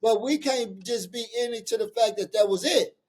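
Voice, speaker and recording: A man's voice: very high-pitched, normal speed. A man co-hosting a podcast, arguing his point in casual, profane, insistent chat and talking over his partner. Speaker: podcast co-host.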